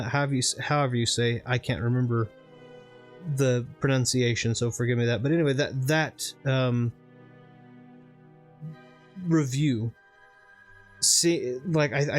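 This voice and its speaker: A man from the southern United States with no regional accent, chatting casually in a rambling, discursive way while co-hosting a gaming stream. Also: medium pitch. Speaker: gaming channel co-host. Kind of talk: casual chat over gameplay.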